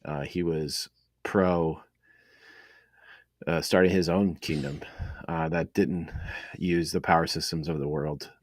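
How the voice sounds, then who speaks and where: A man's voice: a bass voice, fairly even intonation, slow pace, pauses often, no room sound, clean studio sound. A man co-hosting a casual faith podcast, talking in a rambling way with many fillers and restarts. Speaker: podcast co-host.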